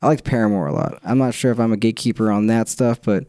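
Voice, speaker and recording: Rambling young man with a mellow voice. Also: lowish voice, quick pace, no echo, studio quality. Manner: rambling, laughs often, loses his train of thought. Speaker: podcast co-host. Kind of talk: casual chat.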